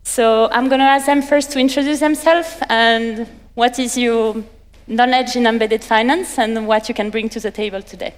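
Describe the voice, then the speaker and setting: French-accented woman hosting a panel, kinda high smooth voice, friendly, bit halting, big echoey hall. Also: steady tone. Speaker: panel moderator. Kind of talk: conference panel moderation. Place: conference stage. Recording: reverberant conference hall.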